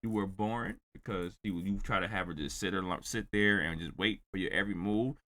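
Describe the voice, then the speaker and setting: Man, reaction commentary, very bright tense voice, sarcastic and rambling. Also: low-pitched, fairly even intonation, a little fast. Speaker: reaction channel host.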